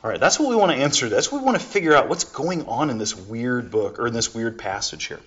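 A man's voice: medium pitch, lively intonation, quick pace, husky. A man teaching a casual Bible lesson, talking it through with rhetorical questions and everyday examples. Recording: dull lo-fi recording.

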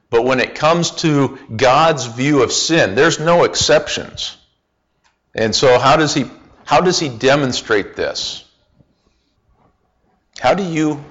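A man teaching a Bible study lesson, speaking deliberately with frequent pauses and fillers, asking the group questions. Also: mid-range voice, fairly bright tone, muffled recording. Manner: asks the group questions and repeats answers.

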